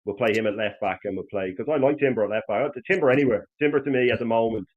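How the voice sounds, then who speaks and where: A man with an Irish accent hosting a casual football chat, rambling and animated, with lots of restarts. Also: lowish voice, very fast. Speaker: host. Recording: tinny phone-like line.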